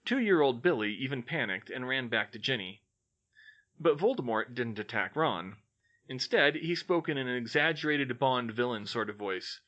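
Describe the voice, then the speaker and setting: A man reading a fan-fiction novel aloud, expressive and doing many character voices. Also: medium pitch, normal speed, lo-fi sound. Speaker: audiobook reader. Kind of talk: scripted narration.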